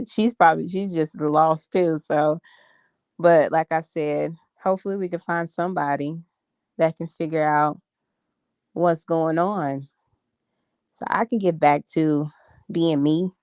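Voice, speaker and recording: Tired woman in her thirties, slightly low voice, dry close phone sound, chatty livestream host. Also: steady tone, a little slow, long pauses, darkish tone, smooth, no room sound. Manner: chatty, addresses viewers as y'all and honey. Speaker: vlogger. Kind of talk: casual livestream chat.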